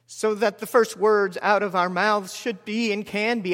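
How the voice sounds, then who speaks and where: A man in his forties preaching a sermon as a story, measured with dramatic pauses and soft drops. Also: high-pitched, fairly even intonation. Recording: long hall reverb.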